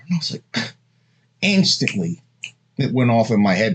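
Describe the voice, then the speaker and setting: A man's voice: mid-range voice, big pitch swings, normal speed, pauses often, slightly rough. A man in his thirties giving blunt, crude dating advice in a rambling, casual monologue full of asides. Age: 30s.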